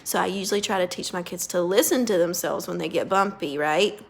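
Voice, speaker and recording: A woman speech therapist guiding a child through a lesson, speaking slowly and deliberately and praising gently. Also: on the low side, gravelly.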